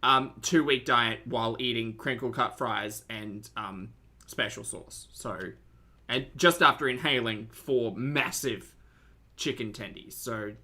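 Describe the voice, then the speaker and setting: A woman's voice: a bass voice, a little slow, sharp tone, slightly rough. A woman streaming live, reacting to videos with sarcastic, teasing commentary and thanking her chat.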